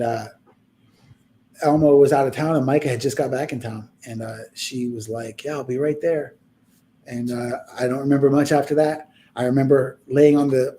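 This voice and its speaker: A man's voice: medium pitch, dark tone, slight background noise. A young man telling a personal story in a casual podcast chat, rambling and heartfelt, acting out the people he quotes.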